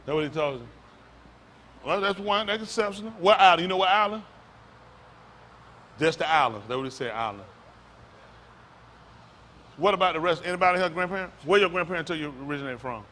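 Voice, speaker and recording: A male pastor preaching loudly and quizzing his congregation, asking questions and calling on listeners. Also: sits high, expressive, brisk, pauses often, a little hiss or hum. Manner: loud, rhetorical, questions the congregation. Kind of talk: sermon with audience back-and-forth. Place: congregation hall.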